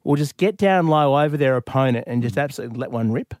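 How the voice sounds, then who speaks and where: A man's voice: medium pitch, expressive, fast talker, a little mellow, no room sound, clean studio sound. An Australian man hosting a radio comedy show, joking around with mock-serious bravado. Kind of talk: radio banter. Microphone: studio mic.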